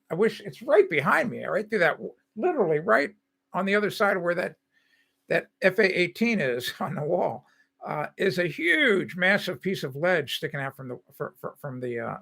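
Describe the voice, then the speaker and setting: Older homebuilding host, bright slightly high voice, rambling casual livestream chat with chuckles. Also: male voice, vocal fry. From Cincinnati, Ohio. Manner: rambling, chuckling often, many fillers. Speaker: host of a home-building livestream. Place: home, indoors.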